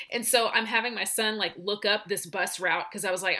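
A middle-aged woman co-hosting a casual podcast, her tone bright and forward. She tells stories with animated energy and swears freely. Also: mid-range voice, a little fast. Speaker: teacher and podcast co-host. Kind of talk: casual chat.

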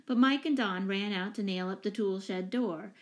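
A woman narrating a children's novel aloud in an even, expressive storytelling manner. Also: medium pitch, normal speed. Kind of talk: audiobook narration.

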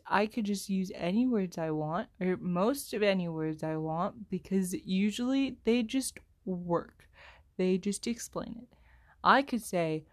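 Young woman, somewhat low voice, slow self-deprecating solo podcast ramble with constant fillers, headset mic. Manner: self-deprecating, apologetic, heavy filler words; speaks slowly, pauses to find words. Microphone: headphone microphone.

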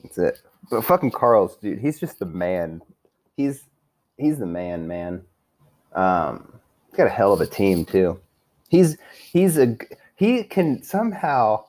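Rambling while drinking, a young man gives a crude, profane fantasy football season recap and trash-talks his friends. His voice is on the low side and a little mellow, in a profane casual rant.

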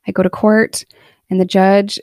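A woman's voice: medium pitch, flat delivery, measured pace, darkish tone, no echo, clean studio sound. Earnest woman telling her own story. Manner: earnest, candid, emotional in places. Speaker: podcast storyteller. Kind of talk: personal storytelling monologue.

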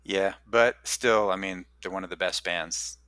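Deep-voiced man hosting a chat. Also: steady tone, a little slow, sharp tone, no room sound. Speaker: podcast host, interviewer. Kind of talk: casual chat.

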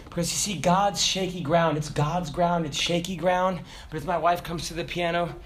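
A middle-aged man preaching a sermon, calling out questions to the congregation and swinging between loud bursts and quiet asides. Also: fairly high pitch, steady tone, moderate pace, a little hiss or hum. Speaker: pastor.

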